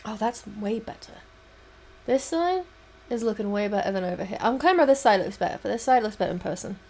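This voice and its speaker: A woman's voice: mid-range voice, expressive, fairly quick, a little mellow, slight background noise. A woman livestreaming as she paints, chatting casually, muttering to herself and swearing now and then. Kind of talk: casual chat while painting.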